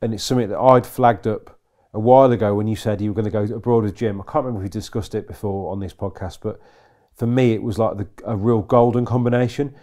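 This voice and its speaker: A man from England talks quickly in a low, mellow voice. He hosts a relaxed podcast chat and fires off eager questions with quick interjections. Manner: eager questions with short backchannel replies. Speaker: podcast host.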